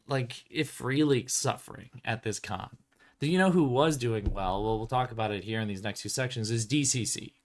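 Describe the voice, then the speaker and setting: A tabletop game publisher hosting his stream talks at medium pitch and a moderate pace. His casual chat rambles, packed with "um" and "like," with laughter between thoughts.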